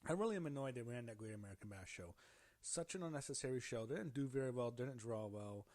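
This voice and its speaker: A man's voice: mid-range voice, expressive, fast, darkish tone, no room sound. A man giving a casual spoken review, rambling with many fillers and self-corrections and sounding openly annoyed. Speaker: show reviewer.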